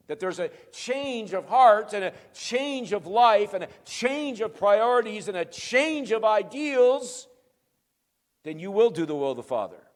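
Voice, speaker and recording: Man preaching in a reverberant hall. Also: high voice. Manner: emphatic preaching, swinging from quiet to loud; rhetorical questions answered himself. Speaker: pastor. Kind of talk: sermon.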